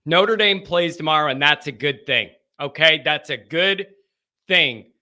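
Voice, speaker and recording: A man hosting a casual fan livestream, excitable and emphatic, repeating himself, his voice still recovering from strain. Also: on the high side, unhurried. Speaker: sports fan show host. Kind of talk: casual livestream chat to fans.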